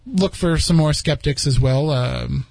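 A man's voice: on the high side, measured pace, creaky, darkish tone, no room sound. A man hosting a podcast, chatting casually and rambling with frequent restarts. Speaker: podcast host. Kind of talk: casual chat.

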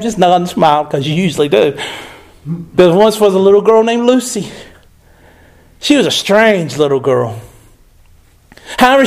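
A man preaching a sermon, emphatic and repeating phrases for stress. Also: high-pitched.

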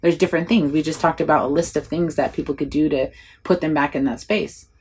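Low-voiced woman on a podcast, earnest and encouraging, bit of faint noise behind. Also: fairly even intonation, quick pace, a little mellow. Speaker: podcast guest. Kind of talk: casual conversation.

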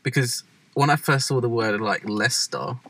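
A young man, chatting casually as a vlog co-host, animated and swearing freely. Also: medium pitch, moderate pace, husky. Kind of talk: casual chat.

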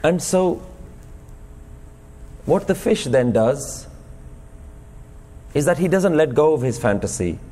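A man's voice: on the high side, big pitch swings, slow pace, pauses often, dark tone, big-room sound. A man giving a sermon at a gurdwara, telling a parable and posing rhetorical questions to the congregation. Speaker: speaker at a Sikh gurdwara. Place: gurdwara hall.

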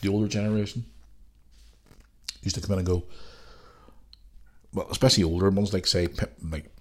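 Guy with a cold, kinda low voice, ranting and swearing on his podcast. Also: fairly even intonation, moderate pace. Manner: ranting, sweary, loose and rambling. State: has a cold. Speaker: podcast host. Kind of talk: casual solo podcast rant.

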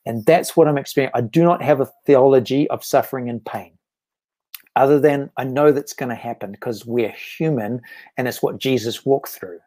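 A man's voice: mid-range voice, moderate pace, mellow. A man, a guest author speaking earnestly and reflectively about faith in a casual interview. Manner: earnest and reflective, with frequent restarts.

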